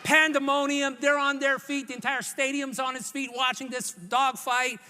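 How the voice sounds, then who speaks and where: Man from hawaii, commencement speaker, very high voice, bright, animated, self-mocking storytelling, echoey large hall. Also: moderate pace. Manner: animated, self-mocking, quotes his own thoughts. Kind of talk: humorous storytelling speech. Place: large church hall with a live audience.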